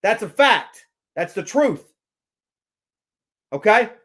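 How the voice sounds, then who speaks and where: Excitable male fan vlogger, very high voice, rambling rants full of restarts. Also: takes it slowly. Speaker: sports vlogger. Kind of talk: casual fan rant to camera.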